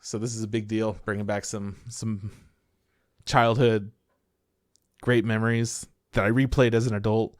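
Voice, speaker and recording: Casting: relaxed, profane male podcast co-host, smooth, close and dry. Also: on the low side, unhurried, pauses often, no room sound. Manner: laid-back, swears a lot, laughs often. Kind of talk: casual chat.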